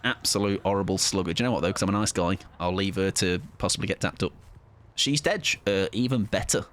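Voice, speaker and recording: A man's voice: low voice, fast, fairly bright tone, a little hiss or hum. A young man casually commenting on his live gameplay, joking, swearing and taunting in mock-villain fashion. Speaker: streamer.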